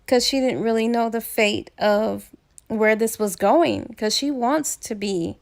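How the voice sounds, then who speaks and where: Woman, book reviewer, casual plot recap, fairly high voice, gravelly. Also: a little slow. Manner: chatty retelling with fillers and quoted asides.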